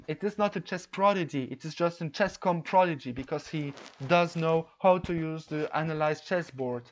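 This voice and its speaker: A man from France with a French accent, recapping a chess game in an excitable, stop-and-start way. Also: on the high side, moderate pace, hardly any pauses. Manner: excitable storytelling, many restarts. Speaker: chess vlogger. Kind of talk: casual recap monologue.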